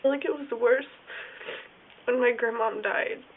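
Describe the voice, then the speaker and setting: A woman talking in a casual video diary, rambling and halting, with lots of "like" fillers. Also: a little high, steady tone. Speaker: vlogger. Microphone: phone or camera filming herself. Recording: tinny phone-like sound with faint hiss.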